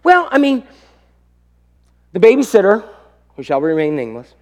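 A calm, hesitant middle-aged wife, quoted by a male pastor in a high, lively voice. She explains gently, with soft starts and pauses. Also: full character voice. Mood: explaining.

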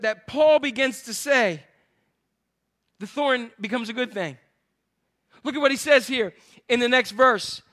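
High, bright-voiced man preaching a sermon. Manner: animated, shifts between loud exclamations and hushed asides. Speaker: pastor.

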